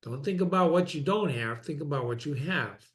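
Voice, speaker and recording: A man's voice: on the high side, lively intonation. Reflective man reading and musing aloud. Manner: reflective, conversational, repeats phrases for emphasis; reads quoted passages slowly and deliberately. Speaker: reader and teacher of classic philosophy. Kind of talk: reading aloud with personal commentary.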